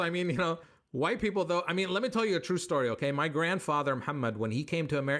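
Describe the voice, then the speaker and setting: A comedian man answering interview questions with animated, joking stories, acting out bits of dialogue. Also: mid-range voice. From United States. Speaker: comedian guest.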